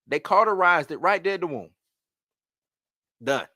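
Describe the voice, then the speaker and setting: A man hosting a live stream, ranting in loose, slangy casual talk that repeats itself and swings between loud and soft. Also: high voice, lively intonation, moderate pace, dry recording, studio quality.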